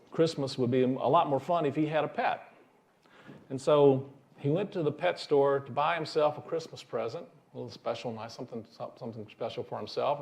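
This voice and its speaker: A man's voice: medium pitch, darkish tone. A male minister giving a sermon in a folksy storytelling manner, chuckling at his own jokes.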